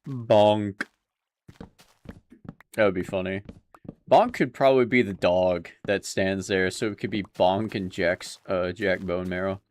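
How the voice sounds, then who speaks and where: A man's voice: sits low, moderate pace. A young man chatting casually with his viewers while playing a game, laid-back and laughing often. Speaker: streamer. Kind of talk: casual gameplay commentary.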